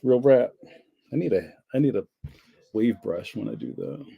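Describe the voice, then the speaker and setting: This man, a livestream host from Philadelphia, US, has a fairly low, gravelly voice with a breathy edge and talks in an animated way at a moderate pace. He works through viewer comments casually, rambling, joking, and laughing often. The audio has its highs cut off.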